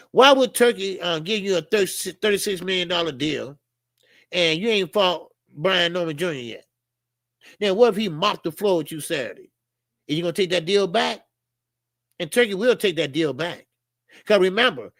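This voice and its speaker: Gravelly, bright-voiced Southern man chatting. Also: sits high, lively intonation, normal speed, no echo. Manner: loose, laughing, swears freely, chatty with viewers. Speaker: boxing show host. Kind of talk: casual live-stream chat.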